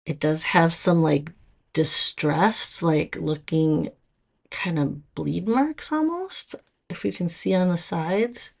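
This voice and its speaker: A woman with a Minnesota accent talks through a product showcase in a loose, chatty way, often stopping to restart her sentences. Her voice sits low, and she takes her time. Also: animated, slow pace, gravelly, darkish tone. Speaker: nail product stylist.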